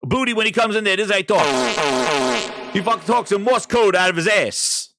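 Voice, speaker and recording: A man's voice: high voice, normal speed, vocal fry, bright, forceful tone, faint music behind. A man streaming a profane, mocking rant about video games, mimicking the people he makes fun of. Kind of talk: ranting game commentary.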